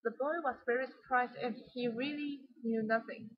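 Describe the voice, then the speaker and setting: A young woman whose first language is Mandarin, giving a student presentation in English on stress and pauses in film dialogue. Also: a little high, fairly even intonation, muffled recording. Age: young adult. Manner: reads film lines aloud, then explains stress and pauses. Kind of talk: classroom presentation on movie speech.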